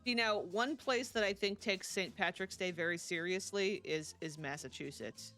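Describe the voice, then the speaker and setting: Woman game streamer, low-pitched, chatty and quick to laugh, faint music underneath. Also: bright, forceful tone. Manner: chatty, laughs often, answers chat messages. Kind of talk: casual live-stream chat while playing.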